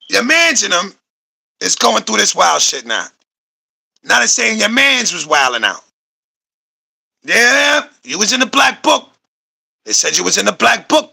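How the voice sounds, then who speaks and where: A man's voice: high-pitched, gravelly, sharp tone, husky. A man hosting a podcast, reacting to clips with profane, repetitive, rhetorical commentary. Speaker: podcast host reacting to videos.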